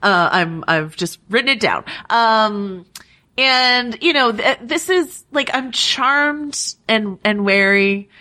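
A woman's voice: mid-range voice, animated, slow pace, bright, forceful tone. A woman co-hosting a TV recap podcast, chatting casually with lots of likes and ums. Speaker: podcast co-host. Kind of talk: casual chat.

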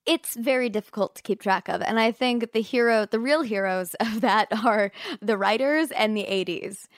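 A woman's voice: a little high, moderate pace, no echo, clean studio sound. A woman, an actress guest on a podcast, talking about her work in an enthusiastic, chatty way. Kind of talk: casual interview chat.

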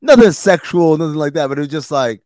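A young man telling a comedic story on a podcast, animated and slangy, with plenty of profanity. His voice sits a little high for a man. The sound is dry and close, with almost no room around it. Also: quick pace, no echo.

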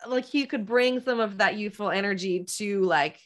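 A woman's voice: medium pitch, normal speed. Chatty woman co-hosting a podcast. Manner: chatty, agreeing, frequent fillers. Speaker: podcast co-host. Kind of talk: casual chat.

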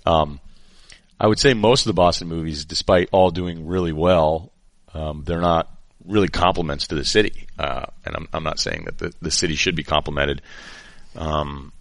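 A man's voice: extremely low pitch, steady tone, moderate pace, no room sound. A middle-aged man hosting a podcast, chatting in a rambling, joking way and often interrupting himself. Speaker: podcast host. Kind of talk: casual chat.

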